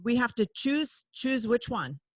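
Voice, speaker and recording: A woman hosting a podcast, talking candidly and confessing things, laughing often and swinging between loud outbursts and hushed asides. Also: on the high side, sing-song, measured pace, dry recording. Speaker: podcast host.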